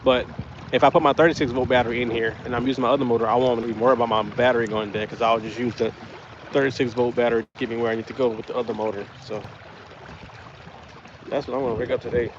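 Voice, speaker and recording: A man's voice: mid-range voice, flat delivery, fast talker, highs cut off, background noise. A man live-streaming from a small fishing boat, chatting casually and rambling through stories, often correcting himself. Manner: rambling, self-correcting storyteller.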